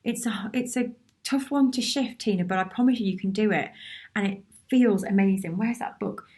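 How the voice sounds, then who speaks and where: A woman's voice: medium pitch, moderate pace, a little mellow. A woman hosting a casual live Q&A, chatty and encouraging, reading out viewers' comments and replying to them. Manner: chatty and encouraging, with many restarts and asides. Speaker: workshop host answering viewer questions.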